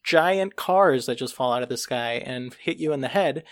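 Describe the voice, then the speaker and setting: A man reviewing a video game in a casual podcast chat, animated and emphatic, with a joking tone. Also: mid-range voice, moderate pace.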